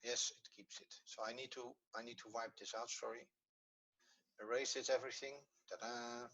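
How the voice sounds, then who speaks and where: Patient man teaching Hebrew, bright voice. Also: mid-range voice, little pitch movement, normal speed, low-quality recording. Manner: patient, explains step by step, repeats often. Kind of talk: online lesson, screen-sharing.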